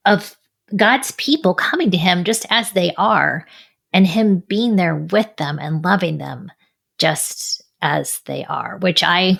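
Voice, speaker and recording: Earnest woman with a gravelly low voice. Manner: earnest, reflective, with soft laughs. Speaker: author and speaker. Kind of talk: personal faith testimony.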